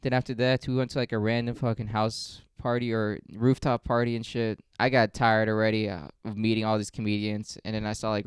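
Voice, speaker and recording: A man hosting a podcast, telling stories in a rambling, profane, deadpan way on a close mic. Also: on the low side, clear, resonant tone, dry recording. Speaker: podcast host. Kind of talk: casual storytelling.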